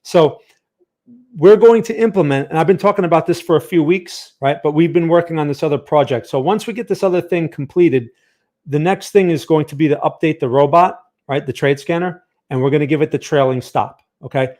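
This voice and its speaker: A man with a fairly high, fairly quick, darkish voice hosts a trading channel's live market analysis stream. He talks close to a studio microphone, chatty but tired, reading viewer chat aloud and often tossing in "right?"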